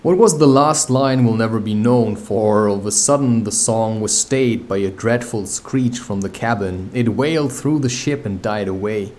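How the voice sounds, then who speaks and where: A man's voice: on the low side, normal speed, few pauses, a little mellow. A man reading a classic novel aloud, breaking off now and then for wry, offhand comments. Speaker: audiobook reader.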